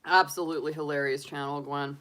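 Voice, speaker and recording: A woman's voice: deep voice, steady tone, brisk, a bit bright. A woman in her forties, a tarot reader chatting casually on a live stream and laughing often. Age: 40s.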